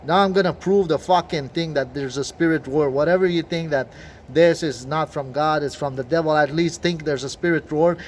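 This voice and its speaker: A man's voice: fairly high pitch, moderate pace. Agitated swearing man, faint noise behind. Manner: agitated, swearing, restarts and fillers. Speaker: video blogger. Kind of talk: rambling conspiracy monologue.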